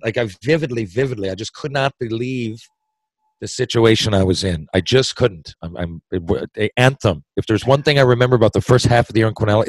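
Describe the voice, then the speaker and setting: A man with a Newfoundland accent and a fairly low voice spins a long story as a podcast guest. He rambles, doubles back on his words and drops a casual curse here and there. The sound is close and dry, with no room around it. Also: dry recording, rough recording. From Newfoundland, Canada. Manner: rambling, self-interrupting storyteller who swears and laughs easily. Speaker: podcast guest, former hockey player.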